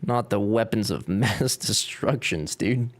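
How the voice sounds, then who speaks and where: Speaking a little slowly in a lowish voice, this young Cajun-accented man from Louisiana streams while building. He keeps things casual, cracking jokes and reading his chat out loud.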